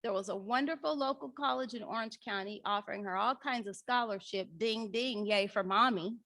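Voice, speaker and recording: Middle-aged woman workshop speaker, animated storyteller, dry close sound. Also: on the high side, fairly quick, no echo. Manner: animated storyteller, acts out dialogue with her daughter. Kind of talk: conference workshop talk.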